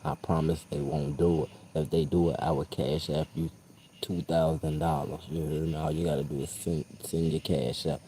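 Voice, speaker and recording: A man with an extremely deep, dark voice and a flat, steady delivery delivers an emphatic street monologue at night. He keeps checking in with the listener after almost every line, and faint crickets chirp around him outdoors. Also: normal speed, slight background noise, poor audio. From Louisiana, USA. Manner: emphatic, repeats "you heard me" constantly. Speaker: street vlogger. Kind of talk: casual street monologue to camera.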